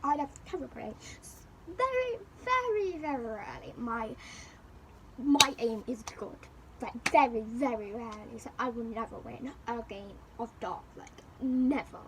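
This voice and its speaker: High-voiced girl telling a rambling story. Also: moderate pace, background noise. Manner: rambling, animated retelling with repeated phrases. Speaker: vlogger. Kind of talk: storytime chat.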